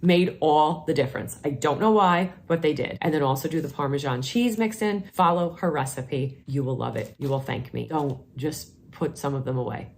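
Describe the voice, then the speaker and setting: A woman's voice: sits low, moderate pace, hardly any pauses, a little hiss or hum. A middle-aged woman with a New York accent, chatting enthusiastically through a casual product review vlog. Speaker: vlogger, nurse.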